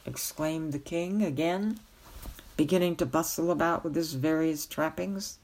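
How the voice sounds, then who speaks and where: A woman reads a novel aloud in a gentle, measured way. Her voice sits low, and she reads very slowly, leaving plenty of space between phrases. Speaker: storyteller reading a novel aloud. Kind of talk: slow read-aloud narration.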